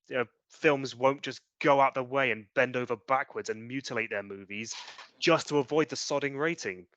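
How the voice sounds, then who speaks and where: A man's voice: mid-range voice, sharp tone, no echo, muffled recording. A British man co-hosting a casual chat show, ranting in an opinionated way with British slang. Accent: British English. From Britain. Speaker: podcast co-host.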